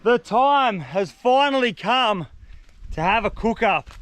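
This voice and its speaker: An Australian man vlogging outdoors on a windy coast, talking in an energetic, slangy, enthusiastic way. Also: high-pitched, slow. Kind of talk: casual vlog narration.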